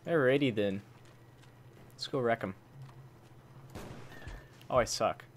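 A gaming channel host with a mid-range voice talks at a measured pace and pauses often. While playing a shooter live, he casually grumbles at opponents, speaks to enemies, and expresses frustration through mild swearing substitutes.

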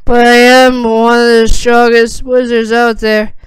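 Woman doing cocky teen wizard boy, slow steady read, crisp dry audio. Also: on the high side, no room sound, natural voice, rough recording. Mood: sheepish. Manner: slow, even reading. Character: cocky teenage boy wizard, self-sacrificing.

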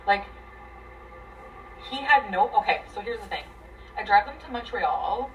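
A woman's voice: medium pitch, lively intonation, measured pace, distant mic, muffled recording. Agitated swearing woman, off-mic. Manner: profane, rambling, agitated, swings loud and soft. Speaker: guest telling her story. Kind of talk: emotional venting.

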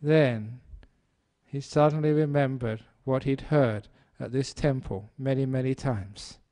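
A man's voice: medium pitch, unhurried, warm tone. A man, a Buddhist monk, giving a humorous dharma talk and telling a story. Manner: storytelling, playful, does animal sounds.

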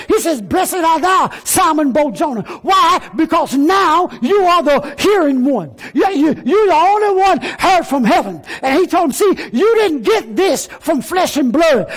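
A man preaching a sermon in a church as pastor, often rising to a shout, with many fillers and repeated phrases. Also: very high voice. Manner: often raises to a shout for emphasis.

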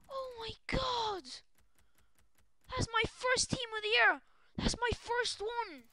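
A young woman streaming a video game live, shrieking and excitable, often breaking into shouts. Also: extremely high pitch, takes it slowly, long pauses, slight background noise. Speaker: gaming streamer.

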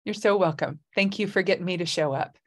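A woman's voice: on the low side, fast talker. A middle-aged woman hosting a casual video-call chat from Hawaii, effusive and emotional, often laughing. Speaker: host. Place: home in Hawaii.

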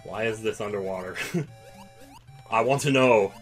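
A man giving casual, excitable commentary while playing a video game, breaking into loud outbursts. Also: on the low side, slow pace, soft background music. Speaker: let's play gamer.

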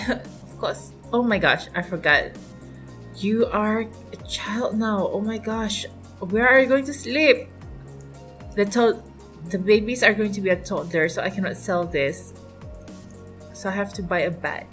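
Young woman chatting over her game, slow and gushy, soft music behind. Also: mid-range voice. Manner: gushing, exclaims often. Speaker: gaming channel host. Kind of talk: casual gameplay commentary. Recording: faint background music.

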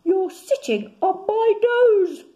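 A woman voicing a small, hopeful young bear cub in a read-aloud storybook, high and pleading. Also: wildly swooping pitch, normal speed, a little mellow, lo-fi sound. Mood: panicked.

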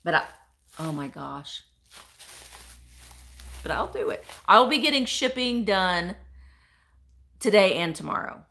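Unboxing items on a casual home live stream, this woman gushes, exclaims and reads out viewer comments, greeting people by name. Her mid-range voice swings widely in pitch and is a bit bright, with vocal fry, a slow pace and long pauses.

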